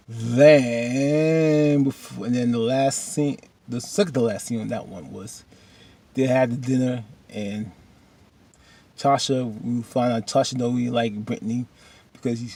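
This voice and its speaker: Recapping a drama episode in a loose, casual way, a man fills his retelling with asides and fillers, occasionally lecturing the characters directly. He has a medium-pitched, slightly mellow, somewhat rough voice.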